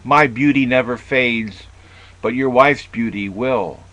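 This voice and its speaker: A man reciting, slowly and coaxingly, the lines of an ageless, beautiful goddess tempting a mortal man. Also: medium pitch, bright, forceful tone, rough recording.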